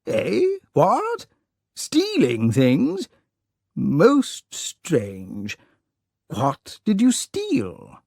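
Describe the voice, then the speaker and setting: Narrator guy doing a spluttery old lord, jumpy pitch, huffing questions, dry sound. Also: wildly swooping pitch, very slow, vocal fry, a little mellow, no room sound, exaggerated voice. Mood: flustered. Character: flustered elderly English lord, easily upset. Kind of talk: audiobook character voice.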